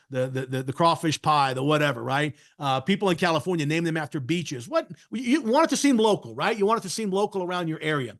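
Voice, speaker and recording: A man's voice: a little high, fairly bright tone. A man giving a sales training webinar, talking emphatically and often checking in with "right?". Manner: emphatic, frequently tags points with "right?". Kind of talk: webinar masterclass talk.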